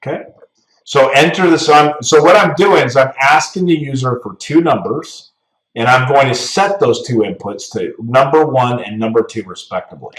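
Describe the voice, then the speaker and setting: A man with a medium voice talks through a coding lesson in a relaxed, step-by-step way, often tagging his points with "right?". The sound is roomy and echoey, and he sits back from the mic. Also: medium pitch, moderate pace, far from the mic. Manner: casual, talks through steps, tags "right?". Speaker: programming instructor. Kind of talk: screen-recorded coding lesson.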